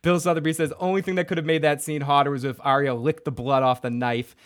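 Male podcast host, slightly high voice, loose rambling delivery, reads listener comments. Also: little pitch movement, quick pace. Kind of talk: casual recap chat, reading live chat comments.

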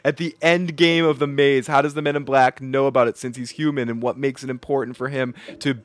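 A young Boston man with a Boston accent hosts a casual live recap chat on a livestream, rambling, swearing freely and laughing often. His medium-pitched voice is flat and a little fast, with no echo.

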